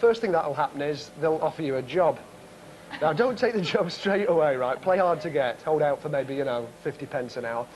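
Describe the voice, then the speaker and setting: A man's voice: a little high, lively intonation, fairly quick, darkish tone, slight background noise. A man hosting a comedy magic show, talking to camera and to passers-by in cheeky, chatty, joking street patter outdoors.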